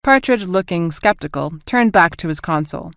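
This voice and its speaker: A woman narrating a science fiction audiobook with an even, clear reading, voicing all the characters herself. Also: on the low side, normal speed, no echo, clean studio sound.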